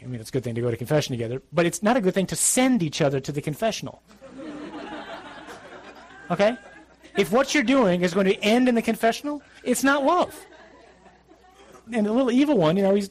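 A man's voice: a little high, a little mellow. A man, a priest, giving a conversational religious talk to young adults, blunt and emphatic with some dry humour.

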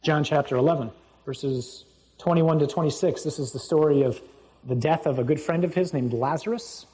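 A man preaching a sermon, reading scripture aloud and explaining it in a conversational way, with sudden jumps in pitch and loudness for emphasis. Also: moderate pace, poor audio.

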